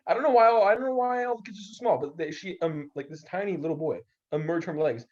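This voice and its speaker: Young male podcaster, animated storyteller, slightly high, dull lo-fi audio. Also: fast talker. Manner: animated, acts out quoted voices. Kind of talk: casual storytelling chat.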